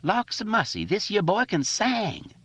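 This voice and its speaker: Joking boy, high squeaky voice, lively, dry dull audiobook sound, a man doing it. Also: a little slow, breathy edge, no echo, heavily acted.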